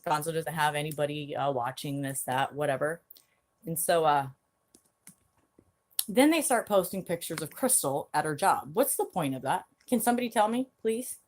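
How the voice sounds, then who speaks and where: A woman with a somewhat low voice, ranting to her viewers on a live stream. She is plainly angry and talks bluntly, swearing freely as she vents. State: angry, agitated. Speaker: channel host.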